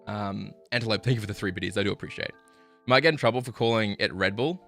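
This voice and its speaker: Swearing and exasperated, a man vents during a live stream, apologizing now and then as he shifts between shouting and quiet grumbling. He talks quickly with some vocal fry, and faint music plays in the background.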